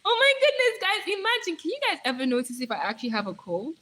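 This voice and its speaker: Young woman from Nigeria, hyper live-stream chatter, bright and lively. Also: high voice, fast talker, low-quality recording. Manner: chatty, hyper, reads viewer comments aloud. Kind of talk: casual live-stream chat.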